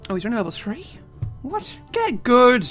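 A young man doing playful, self-mocking commentary on his own gameplay, often breaking into sudden yells. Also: very high-pitched, huge pitch swings, normal speed. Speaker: let's play gamer. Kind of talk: game commentary. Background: game music.

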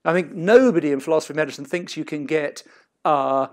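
A middle-aged man gives an academic seminar talk in a fairly high voice at a quick pace. His lecturing is discursive and hedged, and he often breaks off mid-sentence to start again.

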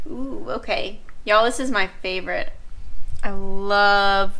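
A woman's voice: mid-range voice, steady tone, slow pace, sharp tone. A woman, tasting food in a home kitchen as co-host of a vlog and gushing about it in casual chat. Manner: enthusiastic, gushing.

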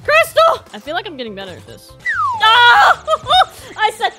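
A woman giving excitable let's play commentary, joking at the game and letting out loud shrieks as she plays. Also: very high voice, normal speed. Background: game music.

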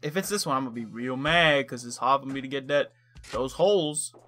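A young let's-play streamer offers playful, hammy trash talk while playing a life-sim game. His medium-pitched voice is a little fast, pushed and bright, with soft music in the background.

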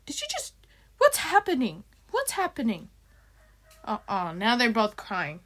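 A woman hosting her channel, chatting excitably while reacting to a game video and bursting into shrieks. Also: a little high, a little slow. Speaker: channel host.

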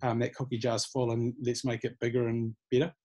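A man's voice: mid-range voice, completely flat delivery, brisk, mellow. A man, a personal trainer from New Zealand, giving easygoing, encouraging answers in an interview. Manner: encouraging, easygoing, many fillers.

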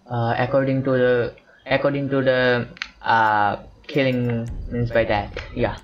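A man's voice: mid-range voice, little pitch movement, unhurried, muffled recording, slight background noise. A man gives casual commentary on a video game he is playing, rambling and talking to himself and to the characters on screen. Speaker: gameplay commentator. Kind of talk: casual let's-play commentary.

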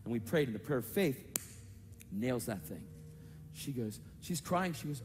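A man preaching at a conference, telling testimonies in an animated storytelling manner and acting out other people's voices. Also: measured pace, a little hiss or hum. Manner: animated storytelling, acts out voices with big pitch jumps. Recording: hall reverb with faint music.

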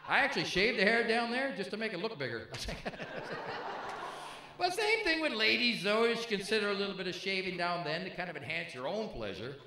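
Sharp in tone and fairly high in pitch, a man in his 50s works the crowd during a stand-up set, teasing people with punchy, quick jokes. Audience laughter and crowd noise fill the echoey live club.

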